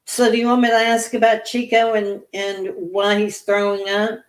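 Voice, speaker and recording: A woman's voice: medium pitch, completely flat delivery. A woman reading tarot on a livestream, chatting casually with viewers and telling meandering stories. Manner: chatty, reads viewer comments aloud and answers them; slow, meandering storytelling.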